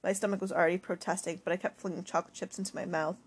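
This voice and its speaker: A woman's voice: on the low side, level tone, very fast, breathy edge. A woman narrating a first-person audiobook in an emotional, confessional diary-like reading.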